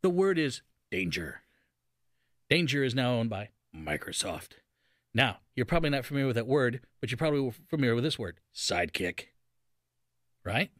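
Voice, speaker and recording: A man's voice: medium pitch, sing-song, normal speed, a bit bright, no room sound, clean studio sound. A man hosting a radio talk show, giving folksy, sarcastic commentary and acting out silly voices.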